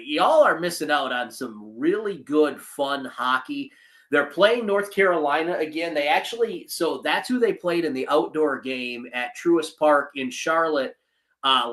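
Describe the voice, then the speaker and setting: A man's voice: a little high, fairly bright tone. A middle-aged man, co-hosting a casual chat show and rambling with frequent restarts. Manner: rambling, self-correcting, folksy. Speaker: podcast co-host.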